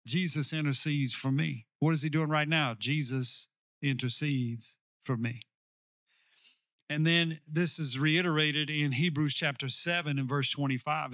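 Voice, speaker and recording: A male pastor preaching a sermon, slowing down to stress key lines and calling on the congregation to repeat after him. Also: a little high, a bit bright, no echo, studio quality. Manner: preaching with call-and-response to the congregation.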